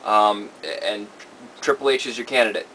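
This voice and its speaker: A man with a lowish voice co-hosts a casual show, laying out his picks step by step. He talks in a measured, plain way. Faint background noise sits under the recording. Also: steady tone, sharp tone. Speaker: co-host running a segment. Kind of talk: casual talk show chat.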